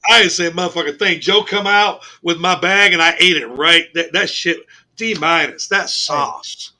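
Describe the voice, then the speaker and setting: A man co-hosting a casual sports radio show, telling a long funny story, cursing, laughing and shouting as he goes. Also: on the high side, moderate pace. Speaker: co-host. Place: radio studio.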